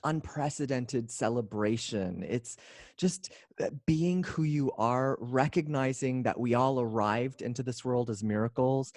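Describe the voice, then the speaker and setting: Expressive man in his forties. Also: mid-range voice, no room sound, studio quality. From Canada. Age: 40s. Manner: expressive, playful, drawn-out phrasing. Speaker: guest, speaker and coach. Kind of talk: casual interview chat.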